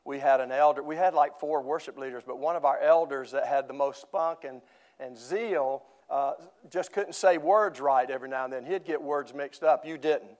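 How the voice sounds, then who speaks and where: A man's voice: mid-range voice, moderate pace, a little mellow. An older man preaching a sermon in church, telling jokes and chuckling often. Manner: joking storyteller, chuckling often. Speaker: pastor.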